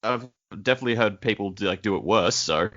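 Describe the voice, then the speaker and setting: A man's voice: fairly low pitch, fast talker, fairly bright tone, no echo. A man co-hosting a casual book discussion podcast with a wry, joking manner. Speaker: podcast co-host. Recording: dull lo-fi sound.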